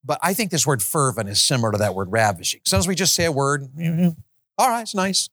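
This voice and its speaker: A man's voice: a little high, lively intonation, fast talker, a bit bright, dry recording. A man preaching a sermon in an auditorium, building to impassioned, pleading prayers.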